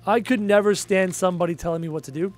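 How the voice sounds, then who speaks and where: A tired Canadian man with a fairly high voice chats through a late-night gaming stream from home, rambling, reading viewer comments aloud and letting phrases trail off quietly. His intonation is fairly even and his pace quick, with soft music playing quietly underneath.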